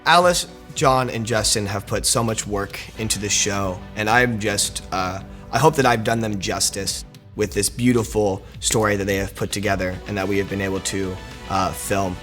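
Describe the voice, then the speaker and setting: A young man with a bright, forceful voice chatting casually in a behind-the-scenes interview. He rambles and restarts and makes jokes at his own expense. Faint music plays underneath. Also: fairly low pitch, fairly even intonation, normal speed. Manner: rambling and self-deprecating, with restarts; laughs easily and jokes with the crew. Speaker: lead actor.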